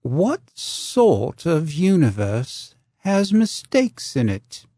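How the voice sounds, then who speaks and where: A man's voice: a little high, wildly swooping pitch, very slow, warm tone, dry recording, clean studio sound, pitched above the performer's own voice, full character voice. A man voicing a blunt, uneasy male craftsman who presses with questions in a storybook reading. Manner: insistent, questioning.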